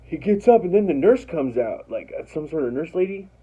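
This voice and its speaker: A man's voice: on the high side, fairly quick, breathy edge, muffled recording. A man casually telling a personal story, rambling and profane, acting out what others said. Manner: rambling, profane, animated retelling with quoted voices.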